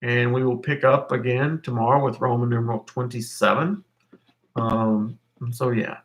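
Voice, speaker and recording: A man's voice: mid-range voice, flat delivery, normal speed. Middle-aged guy giving a history lesson on a stream, lots of ums, keeps correcting himself. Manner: rambling, self-correcting with many fillers. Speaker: history teacher. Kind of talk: live-streamed lecture.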